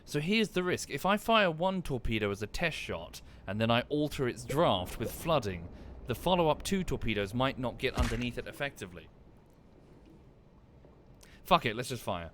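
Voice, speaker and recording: Guy streaming a game at home, thinks out loud, voice bounces around a lot, faint hiss behind. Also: mid-range voice, very animated, normal speed. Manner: thinks aloud, muttering asides and self-corrections. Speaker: gaming streamer. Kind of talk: casual live-stream commentary.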